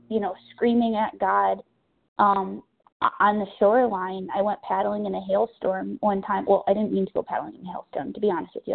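A woman talks openly at a recovery meeting, pausing often to find her words. Her voice has a gravelly fry. It comes through a narrow, tinny phone line. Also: medium pitch. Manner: halting, searching for words, candid. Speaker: recovery meeting member sharing. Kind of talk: personal share on a phone meeting.

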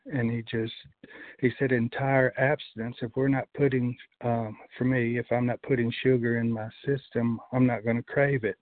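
A man sharing his recovery story at a support meeting, halting, with many fillers and restarts. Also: medium pitch, no room sound. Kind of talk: personal recovery share. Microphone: video call. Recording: tinny phone-like call audio.

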